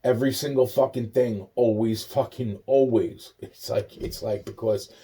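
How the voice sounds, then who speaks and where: A man's voice: mid-range voice, fairly even intonation, normal speed, mellow. A young man in a rambling, agitated rant, swearing constantly, repeating himself and trailing off into muttered asides. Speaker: monologue speaker.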